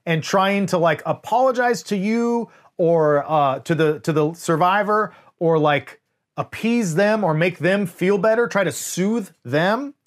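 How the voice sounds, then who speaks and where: A man's voice: high voice, measured pace. A man co-hosting a podcast, reviewing a film in casual, emphatic chat and swearing freely. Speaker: podcast co-host.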